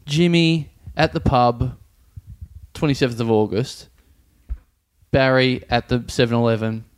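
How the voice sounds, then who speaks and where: A male podcast host with a mid-pitched voice. He throws in joking asides and eager yeahs, and his questions come out in halting stops and starts. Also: steady tone, clean tone. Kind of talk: casual chat, interviewing.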